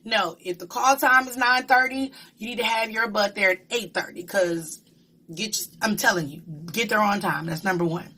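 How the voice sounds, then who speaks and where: Bright, excited woman reviewing a movie. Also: medium pitch, normal speed. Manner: excited, emphatic, slangy. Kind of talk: casual spoiler-free movie review.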